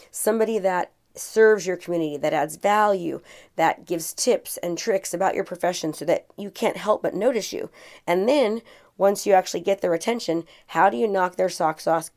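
A middle-aged woman with a slightly low voice talks through a casual podcast monologue. She speaks in a chatty, earnest way and often restarts her sentences with fillers along the way. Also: darkish tone. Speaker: podcast host and real estate coach.

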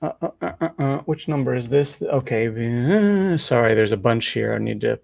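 A man's voice: mid-range voice, animated, normal speed, vocal fry, a little mellow, faint music behind. A man co-hosting a casual podcast chat, fumbling and thinking aloud. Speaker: co-host.

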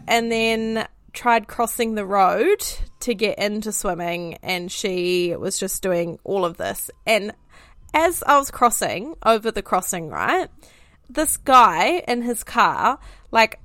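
A woman with a New Zealand accent tells a parenting story in loose, chatty podcast talk. Her voice is bright and sits dry and close to the mic, with lots of fillers and little laughs woven in. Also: on the high side, lively intonation, slow, dry recording. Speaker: podcast co-host, mother. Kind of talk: casual chat.

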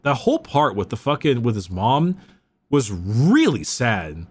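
A young man discussing a book casually, talking in eager quick bursts with some swearing. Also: mid-range voice, very animated, darkish tone, husky.

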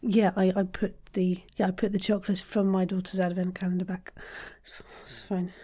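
A woman hosting a podcast, leading playful vocal warm-ups in an encouraging, often whispered voice. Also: mid-range voice, level tone, normal speed, husky. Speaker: podcast host and voice coach. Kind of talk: casual chat with vocal warm-up exercises.

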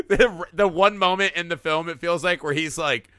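A man co-hosting a casual film podcast, animated, acting out movie lines as he talks. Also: a little high, normal speed, few pauses, clear, resonant tone, no echo, clean studio sound. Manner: animated, quotes movie lines in put-on voices. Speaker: podcast co-host.

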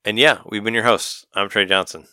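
A man hosting a podcast, wrapping up the episode in a relaxed, chatty way and laughing at himself. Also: lowish voice, fairly quick, no room sound, clean studio sound. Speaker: podcast host. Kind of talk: casual podcast outro.

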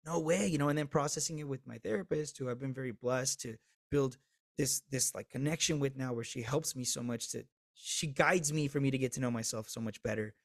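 Man in his thirties, open-hearted guest, swears, goes big then drops real quiet, dry mic. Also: mid-range voice, a little fast, creaky, no room sound. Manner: animated storyteller who swings between loud and hushed, swears freely. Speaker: podcast guest. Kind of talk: candid storytelling interview.

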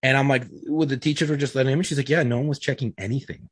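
Brief: husky middle-aged man, loose profane storyteller, dry close sound. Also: medium pitch, steady tone, very fast, no echo. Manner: profane, rambling, uses lots of fillers. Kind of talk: casual storytelling among friends.

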